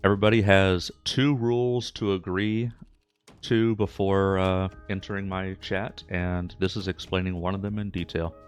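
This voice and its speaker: A male streamer commenting on his stream in a brisk, matter-of-fact way. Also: low-pitched, little pitch movement, clean tone, faint music behind. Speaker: streamer host.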